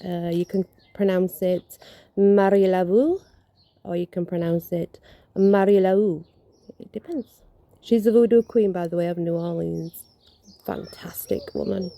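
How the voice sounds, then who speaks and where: A woman with a very bright, sharp voice reads ghost stories aloud outdoors. She trips over words, corrects herself and adds casual asides between the tales. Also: on the low side, animated, moderate pace, creaky, no room sound. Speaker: vlogger reading ghost stories.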